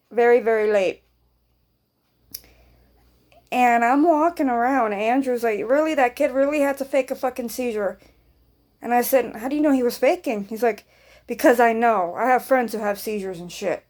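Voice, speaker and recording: A woman's voice: on the high side, darkish tone. Rambling swearing woman telling a story. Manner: rambling, swears freely, acts out quotes. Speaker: vlogger. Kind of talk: casual storytelling.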